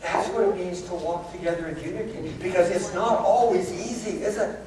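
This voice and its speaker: A man's voice: sits high, normal speed, crowd noise. A man preaching a sermon as a pastor, telling stories and asking the congregation rhetorical questions. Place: church sanctuary. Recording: very echoey church hall, far-off mic, background noise.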